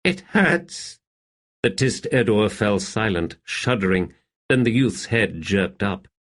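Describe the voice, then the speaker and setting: A man with a fairly low voice narrates an audiobook from a script, in a measured storytelling manner.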